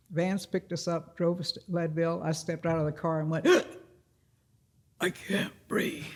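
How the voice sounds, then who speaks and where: An older man telling a personal story to a live audience at a library event, unhurried and plain-spoken, acting out the voices in his tale. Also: a little high, gravelly. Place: public library event room.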